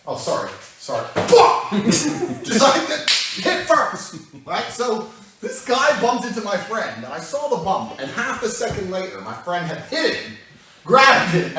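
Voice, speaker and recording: A man telling a profane, animated story. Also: high voice, slight background noise. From England. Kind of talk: casual anecdote. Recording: very echoey room, mic far off.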